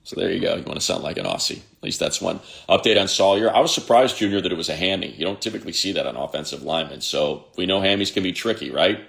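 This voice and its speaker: A man's voice: low-pitched, fast, gravelly, few pauses, fairly bright tone. A man in his fifties, a sports radio host, chatting casually on a livestream and reading viewer comments aloud in a rambling way.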